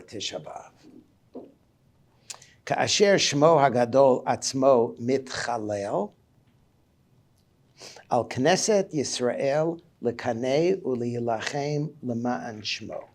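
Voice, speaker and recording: A male rabbi giving an animated sermon lecture, reading passages in Hebrew and explaining them in English. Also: medium pitch.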